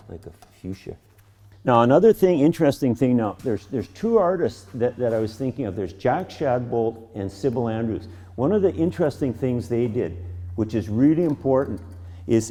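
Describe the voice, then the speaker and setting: A man's voice: medium pitch, warm tone. A middle-aged man teaching painting in his studio, chatty and enthusiastic, often restarting and repeating words as he works. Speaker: painting instructor. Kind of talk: painting demonstration. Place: art studio.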